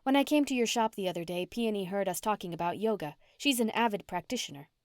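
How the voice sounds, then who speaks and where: A woman reading the lines of a friendly female friend who makes quick, surprised remarks. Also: mid-range voice, animated, dry recording, studio quality, natural voice. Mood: chatty.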